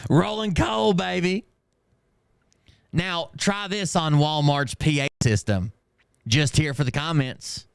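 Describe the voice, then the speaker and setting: A man's voice: fairly high pitch, smooth, dry recording, clean studio sound. Sarcastic man reading comments aloud. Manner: sarcastic, laughs often, reads comments aloud. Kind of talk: casual mocking commentary.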